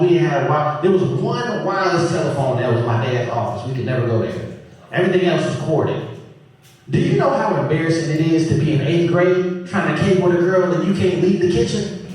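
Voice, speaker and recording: A man's voice: on the high side, brisk. A man performing a stand-up comedy set, telling stories with animation and acting out his family. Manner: animated storytelling, acts out family members. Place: comedy club stage. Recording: very echoey live room, distant mic, audience noise.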